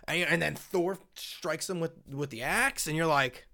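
A young podcast co-host with a slightly high, sharp-toned voice and vocal fry speaks a little slowly. He rambles casually through the chat, leaning on lots of fillers.

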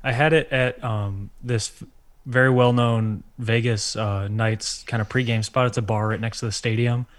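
A man on a casual podcast telling a story in a relaxed, unhurried way. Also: medium pitch, no echo.

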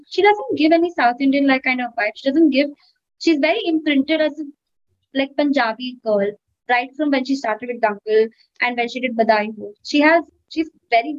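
A woman co-hosting a casual podcast, earnestly laying out points with many fillers. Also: high-pitched. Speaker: podcast co-host. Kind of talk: casual chat. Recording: dull, lo-fi recording.

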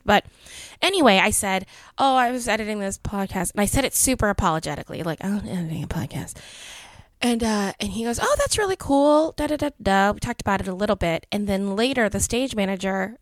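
A woman's voice: mid-range voice, dry recording. Chatty woman podcast host, dry close sound. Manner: chatty storytelling, laughs often. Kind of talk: casual chat.

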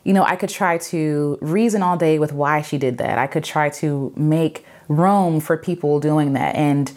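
A woman with a low voice speaks openly to camera about her own life. She sounds earnest and reflective, repeats phrases for weight, and fills pauses with "um" and "like". When she gives advice, it comes across as gentle and pleading. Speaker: vlogger sharing her own story. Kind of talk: personal testimony to camera.

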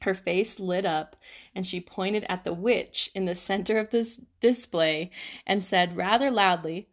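A woman's voice: fairly low pitch, measured pace. A young woman co-hosting a podcast, chatting casually and reading listener stories, giggling often and filling her talk with "like". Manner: giggly, lots of "like" fillers. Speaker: podcast co-host.

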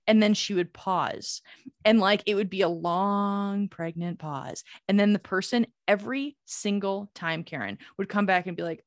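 A woman co-hosts a casual podcast, rambling with many "like" fillers and quick bursts of laughter. Her voice sits mid-range for a woman. The recording is dry, with no room sound. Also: mid-range voice, no room sound. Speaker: podcast co-host.

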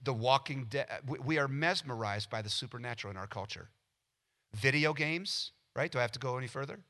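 A male pastor preaching a sermon, animated and acting out little everyday scenes with quoted voices. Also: mid-range voice, a little fast.

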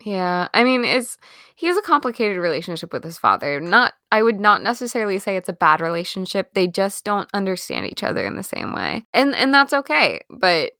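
A woman co-hosting a podcast, recapping a film in animated casual chat with many fillers and restarts. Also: medium pitch, a little fast, no echo, studio quality. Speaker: podcast co-host.

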